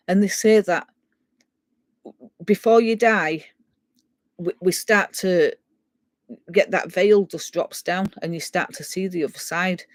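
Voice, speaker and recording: Woman, casual storyteller, animated and stumbling, dry, close sound. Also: on the low side, no room sound. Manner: animated, stumbling restarts, chatty. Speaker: guest sharing a ghost story.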